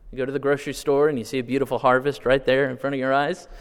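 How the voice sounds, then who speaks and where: A man's voice: mid-range voice, flat delivery, smooth. Preaching man in a reverberant hall. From California, US. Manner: shifts from quiet asides to loud, drawn-out appeals; asks the congregation direct questions. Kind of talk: sermon. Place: church sanctuary.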